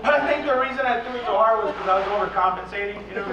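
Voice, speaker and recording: A man performing a stand-up routine, telling a story with profanity and yelling the lines of the people he quotes. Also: high-pitched, very fast, recorded from a distance. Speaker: stand-up comedian. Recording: echoey live club recording from afar, dull. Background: loud audience and noise.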